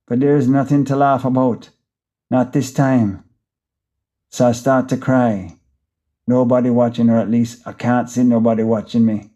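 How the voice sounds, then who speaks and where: A man's voice: medium pitch, dark tone. Jamaican man narrating a frantic monologue. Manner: frantic, rambling inner monologue in patois. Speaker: audiobook narrator. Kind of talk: first-person audiobook narration.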